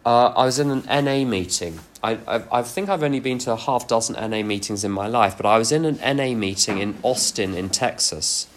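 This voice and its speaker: A man's voice: medium pitch, fairly quick, hardly any pauses, slight background noise. A man giving a recovery workshop talk, frank and self-deprecating, mixing personal anecdotes into his teaching. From England.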